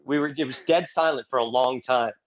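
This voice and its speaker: A man co-hosting a podcast, telling stories in a lively way, often repeating words, in casual chat. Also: mid-range voice, fairly quick. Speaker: podcast co-host, gym coach.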